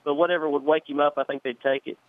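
A man, a newspaper sports reporter calling in to a radio show, chatting in a relaxed way with frequent fillers. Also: a little high, quick pace. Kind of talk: casual radio interview. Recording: dull phone-line sound.

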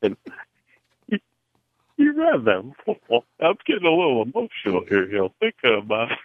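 A man's voice: mid-range voice, wildly swooping pitch, normal speed, dry recording. A man playing a rambling, self-praising middle-aged male football coach who talks in folksy card-game analogies, heard over a phone line. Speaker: caller doing a comedy impression. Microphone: telephone.

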